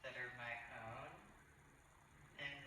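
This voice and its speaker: A man delivers a rambling vlog monologue, slow and halting, dropping disdainful asides. His voice is bright and sits a little high. He sounds far from the mic in a strongly echoing room, with faint ambient noise behind him. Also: steady tone. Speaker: vlogger.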